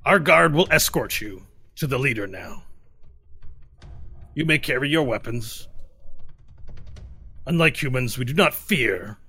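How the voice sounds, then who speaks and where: A man's voice: medium pitch, lively intonation, measured pace, pauses often, sharp tone, slightly rough, soft background music, full character voice. A man voicing a stern male lizardfolk guard who speaks in a commanding, formal way.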